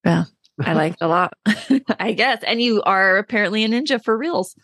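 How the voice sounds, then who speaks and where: A woman's voice: mid-range voice, expressive, moderate pace, fairly bright tone, no echo, clean studio sound. A woman hosting a parenting podcast, chatty and enthusiastic as she interviews her guest. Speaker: podcast host and parent coach.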